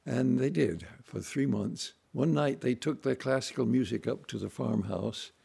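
A man telling family stories in a relaxed, folksy way, acting out voices and sounds as he goes. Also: mid-range voice, moderate pace, gravelly, husky. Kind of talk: relaxed anecdotal storytelling.

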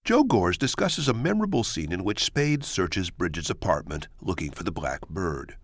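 Very deep-voiced radio host. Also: male voice, sing-song, normal speed, dry recording. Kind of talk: scripted radio narration.

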